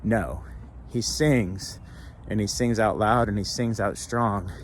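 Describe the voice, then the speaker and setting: A man's voice: lowish voice, slow pace, a little hiss or hum. A man who is a rabbi giving a casual, folksy video message. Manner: chatty, folksy, breaks into song.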